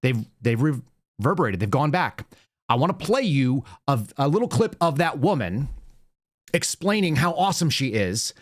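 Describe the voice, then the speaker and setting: A man's voice: mid-range voice, very animated, moderate pace. A man hosting a political commentary show, talking in a ranting, sarcastic way. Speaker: show host.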